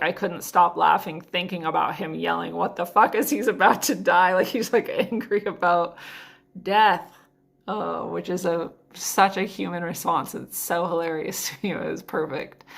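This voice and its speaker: A woman's voice: fairly low pitch, gravelly, fairly bright tone. A woman hosting her own show, telling a story in a chatty way, with many fillers and frequent laughs. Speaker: host of a spiritual podcast. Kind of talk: casual storytelling monologue.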